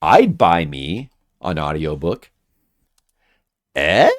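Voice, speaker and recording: A man's voice: extremely low pitch, very animated, very slow. A man streaming a video game, chatting casually and making goofy jokes to his viewers. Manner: goofy, jokey, laughs often. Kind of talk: casual joking commentary over gameplay.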